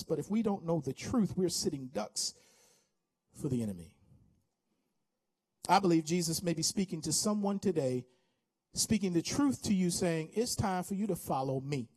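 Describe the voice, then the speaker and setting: A fifties-aged American pastor delivers a fervent altar-call sermon in his church, exhorting the congregation with repeated appeals. He speaks briskly in a high-pitched, slightly mellow voice.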